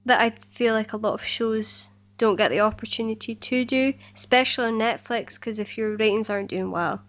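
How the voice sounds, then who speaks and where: A woman's voice: a little high, moderate pace, a bit bright, lo-fi sound. A woman co-hosting a podcast in casual chat, earnest and enthusiastic, often restarting her sentences. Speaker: podcast co-host.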